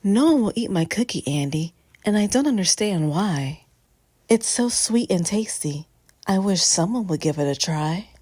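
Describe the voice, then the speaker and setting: A woman's voice: medium pitch, expressive, moderate pace, a little mellow, husky, dry recording, clean studio sound. A woman voicing a hopeful, pleading character named Susie in a rhyming storybook reading. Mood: sad. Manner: pleading, sing-song rhyming. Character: sad eager woman pleading people to eat her cookie.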